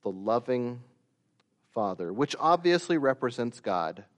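A man preaching a sermon, slow and deliberate, rising to loud emphatic peaks and dropping to quiet asides. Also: mid-range voice, very animated. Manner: slow, deliberate delivery with long pauses.

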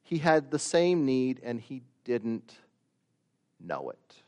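A man preaching a sermon, slow and deliberate, rising to loud emphatic peaks and dropping to quiet asides. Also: medium pitch, sing-song. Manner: slow, deliberate delivery with long pauses.

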